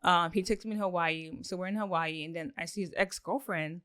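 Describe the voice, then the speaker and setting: A woman guest on a podcast, telling a story casually in a rambling, filler-heavy way with lots of swearing and animated acted-out quotes. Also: fairly low pitch, a little fast, smooth, no echo, clean studio sound.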